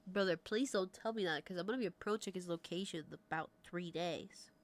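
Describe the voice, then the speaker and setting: A woman's voice: lowish voice, fairly quick. A young adult woman livestreamer chatting casually with her viewers at a desk mic. She laughs often and swears freely. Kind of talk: casual chat with stream viewers.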